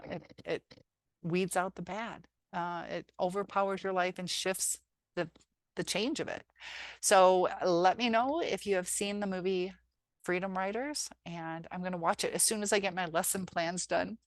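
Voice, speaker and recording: Encouraging woman vlogger, lowish voice, dry close sound, reflective and earnest. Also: a little slow, dry recording. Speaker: teacher and healing vlogger. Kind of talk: casual motivational vlog talk.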